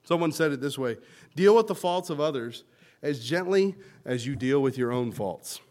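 A male pastor preaching a sermon, swinging from loud emphatic lines to quiet ones as he explains and quotes scripture. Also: medium pitch, expressive, normal speed. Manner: teaching word meanings and quoting scripture.

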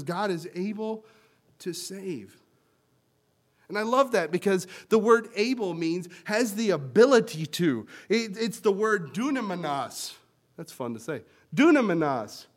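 A male pastor preaching a sermon, swinging from loud emphatic lines to quiet ones as he explains and quotes scripture. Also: high voice. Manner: teaching word meanings and quoting scripture.

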